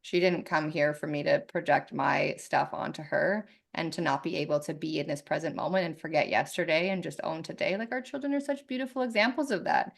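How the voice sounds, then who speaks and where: Gravelly, candid woman guest. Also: deep voice, brisk, few pauses. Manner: candid, animated, swears freely. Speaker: podcast guest. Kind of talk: casual conversation.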